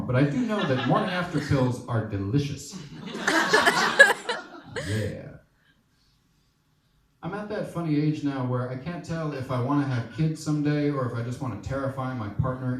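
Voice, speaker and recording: A man's voice: mid-range voice, a little mellow, a little hiss or hum. A man in his thirties doing a stand-up set, wry, profane and conversational. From United States. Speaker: stand-up comedian. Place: comedy club stage. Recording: echoey club recorded from a distance.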